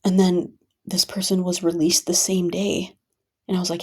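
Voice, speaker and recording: A woman's voice: fairly low pitch, level tone, brisk, a little mellow. A woman telling her own story in a venting vlog, talking emphatically and repeating points for stress. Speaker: vlogger.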